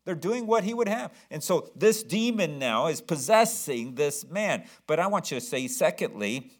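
A male pastor delivering a sermon with a fairly high voice. He talks emphatically, throws questions at the listeners and often repeats himself as he builds a point. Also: sing-song, moderate pace.

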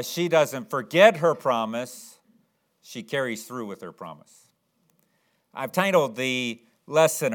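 A man preaches to his congregation in a church with a mid-pitched voice. He talks in a folksy way, repeating phrases, and builds to emphatic, forceful points. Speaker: pastor. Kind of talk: sermon. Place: church sanctuary.

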